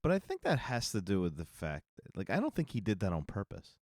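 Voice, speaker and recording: A man's voice: fairly low pitch, wildly swooping pitch, a little fast, darkish tone, dry recording, studio quality. A man co-hosting a film podcast, talking in a laid-back way and often stumbling over his words. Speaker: podcast co-host. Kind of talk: casual film discussion.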